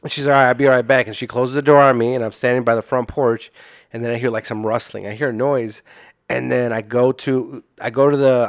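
A man from Illinois telling crude stories in casual chat, animated and blunt. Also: medium pitch, no echo, clean studio sound. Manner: fast, crude, animated storytelling. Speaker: podcast guest storyteller.

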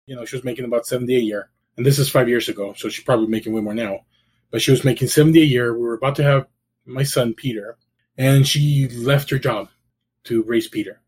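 A man's voice: mid-range voice, a little mellow. A middle-aged man from El Salvador, a guest telling his life story in a candid, rambling way with many restarts. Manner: candid, storytelling, frequent "you know" and restarts. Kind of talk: casual conversation.

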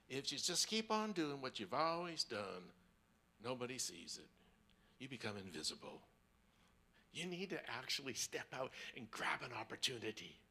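A man preaching as a guest speaker, telling a personal story. He drops to hushed, near-whispered tones and then rises to emphatic preaching, often repeating words as he goes. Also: mid-range voice, big pitch swings, moderate pace, gravelly, pauses often.

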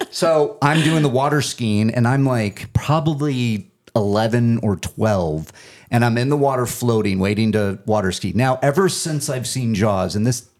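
A man, a film superfan, chatting casually and telling animated stories, shouting out the voices he quotes. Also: mid-range voice, unhurried. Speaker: guest, Jaws superfan. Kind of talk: casual storytelling chat.

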